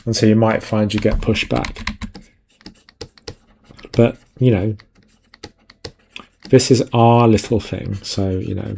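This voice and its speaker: A man's voice: on the low side, little pitch movement, takes it slowly, creaky, long pauses, warm tone, a little hiss or hum. A man chatting casually on a live stream while he draws, rambling and putting himself down, his thoughts often trailing off. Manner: rambling, self-deprecating, trailing off. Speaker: concept artist streamer.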